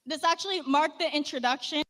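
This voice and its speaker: A woman giving a prepared speech at a conference, steady and explanatory, played back from a recording. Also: high-pitched, a little fast. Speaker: conference speaker. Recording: played-back speech with long hall reverb.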